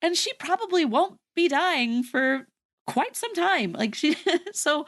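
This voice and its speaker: A woman's voice: high voice, expressive, slow pace. A young woman co-hosting a casual podcast chat, laughing often and filling her talk with "like.". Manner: giggly, says "like" often. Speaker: podcast co-host.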